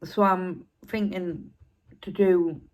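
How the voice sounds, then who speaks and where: A woman's voice: fairly low pitch, steady tone, slow. Chatty woman eating on camera. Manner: chatty, eating between sentences. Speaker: mukbang vlogger. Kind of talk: casual chat while eating.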